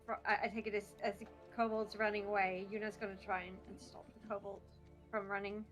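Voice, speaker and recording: A woman's voice: medium pitch, little pitch movement, fast, a bit bright, soft background music. A woman playing a tabletop game, asking rules questions in a tentative way. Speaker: player. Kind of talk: casual game talk.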